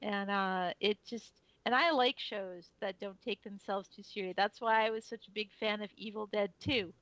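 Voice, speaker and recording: A woman's voice: medium pitch, fairly even intonation, normal speed, a bit bright, no echo. Chatty woman, dry lo-fi sound. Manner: enthusiastic, filler-heavy. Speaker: podcast co-host. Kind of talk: casual chat. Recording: dry dull lo-fi audio.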